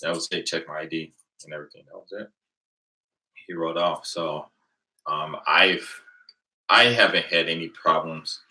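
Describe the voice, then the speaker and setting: A man's voice: sits low, fairly even intonation, normal speed, pauses often, bright, forceful tone, low-quality recording. A man from the United States hosting a casual channel, chatting with viewers and telling stories, acting out the exchanges he quotes. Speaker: channel host.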